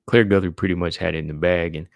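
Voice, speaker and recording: Low gravelly man recapping fights casually. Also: fairly even intonation, fast, no room sound, studio quality. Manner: laid-back, fills with "man" and "you know". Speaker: podcast host.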